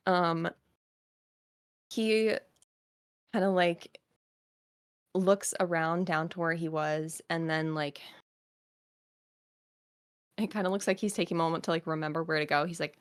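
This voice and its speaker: A woman's voice: sits low, fairly even intonation, a little slow, long pauses, clear, resonant tone. A woman narrating as game master for a tabletop game, describing scenes with many fillers and hesitations.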